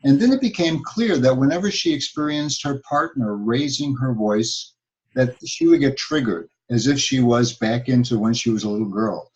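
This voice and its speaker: A man's voice: medium pitch, moderate pace, darkish tone, highs cut off. A man who works as a couples counselor, talking things through thoughtfully with many fillers. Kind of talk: advice talk.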